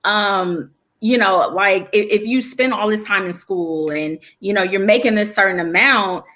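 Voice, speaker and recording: A woman's voice: mid-range voice, measured pace, bright, forceful tone. A woman who is a guest on a casual podcast chat, speaking candidly, with many restarts and fillers.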